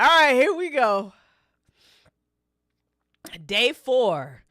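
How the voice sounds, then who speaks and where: A woman's voice: high-pitched, animated, takes it slowly, fairly bright tone, no room sound, studio quality. A woman hosting a casual livestream, reading game events aloud and reacting with frequent laughter and swearing.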